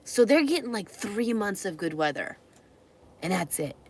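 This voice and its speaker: A woman's voice: medium pitch, big pitch swings, moderate pace, slightly rough. A young woman from California, chatting and rambling in a casual travel vlog from the car she lives in, often laughing. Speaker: vlogger.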